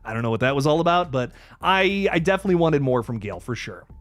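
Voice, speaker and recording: A man's voice: fairly high pitch, expressive, fast, no echo, soft background music. A young man hosting a live movie review stream, frustrated and rambling, stammering through restarts and swearing as he reads out donations.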